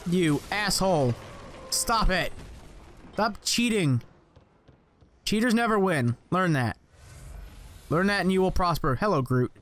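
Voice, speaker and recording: A man giving let's play commentary on a video game, excitable, swearing and yelling at enemies, his voice cracking at times. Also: high-pitched, takes it slowly, pauses often, slight background noise. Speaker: gaming channel host.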